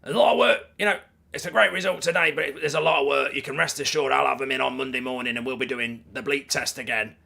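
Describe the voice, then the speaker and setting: A man putting on a blunt, tough-talking football manager, loud and emphatic. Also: medium pitch, quick pace, creaky, full character voice. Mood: blustering. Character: gruff, blunt no-nonsense male football manager.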